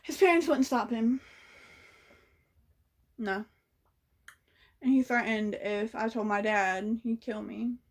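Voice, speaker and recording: A woman's voice: a little high, slow, pauses often. A young woman telling a story in a casual vlog, blunt and sassy, swearing freely. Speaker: vlogger.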